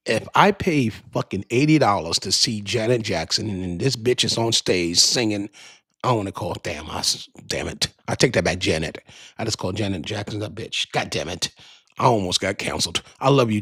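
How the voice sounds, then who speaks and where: A podcast host rants in a loose, profane, rambling way, tripping over his own restarts. His voice has a gravelly rasp and swings widely up and down. The studio microphone sounds dry and close. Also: lowish voice, lively intonation, normal speed, fairly bright tone, no echo. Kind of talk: casual rant.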